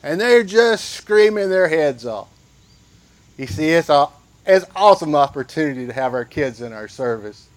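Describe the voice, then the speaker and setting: A man's voice: fairly high pitch, expressive. An older man, preaching a sermon in a folksy, conversational way. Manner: slow and drawn out. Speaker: pastor.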